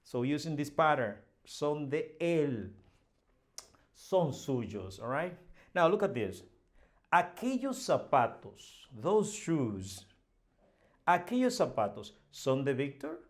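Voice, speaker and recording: Slow, patient male teacher. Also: medium pitch, very animated. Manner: patient, repeats example sentences, modeling question intonation. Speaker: Spanish teacher. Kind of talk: slow explanatory language lesson.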